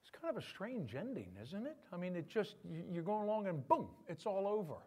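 A male pastor preaching in a lively, conversational style, with a fairly high voice. His pitch swings widely as he teases and presses his points. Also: brisk, a little hiss or hum. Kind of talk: sermon.

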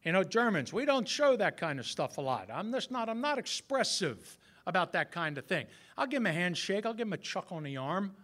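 A man's voice: sits high, big pitch swings, brisk, fairly bright tone. A man in his sixties preaching a sermon in a conversational way, talking straight to the men in the room with some self-mocking humor. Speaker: pastor.

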